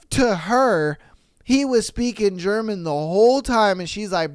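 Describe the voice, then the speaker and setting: A man hosting a casual podcast, reading listener stories aloud and reacting with animated swearing and mock voices. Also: high voice, normal speed, smooth, dry recording, clean studio sound. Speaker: podcast host.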